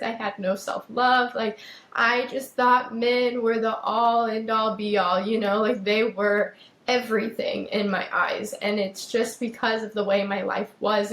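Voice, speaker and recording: A woman's voice: medium pitch, reverberant, low-quality recording. A young adult woman hosting a podcast, talking emphatically about self-worth, repeating phrases and speaking straight to her listeners. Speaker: podcast host. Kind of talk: personal monologue on self-worth.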